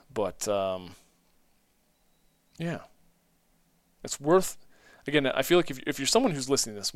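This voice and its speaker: A man's voice: medium pitch, clean tone, no echo. A man hosting a solo podcast, talking reflectively, rambling and correcting himself, often laughing at himself. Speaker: podcast host.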